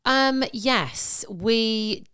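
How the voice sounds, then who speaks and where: A woman's voice: a little high, extremely slow, fairly bright tone, clear, resonant tone, no echo, studio quality. A woman in her forties with an English Midlands accent, co-hosting a podcast and laughing at her own mishaps as she tells them. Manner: self-mocking, laughing storyteller. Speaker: podcast co-host. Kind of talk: casual chat.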